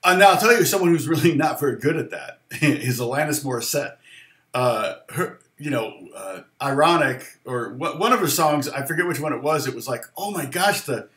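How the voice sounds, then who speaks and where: A man's voice: medium pitch, expressive, moderate pace, fairly bright tone, roomy sound. A middle-aged man hosting a casual livestream guitar lesson, rambling with fillers and laughs.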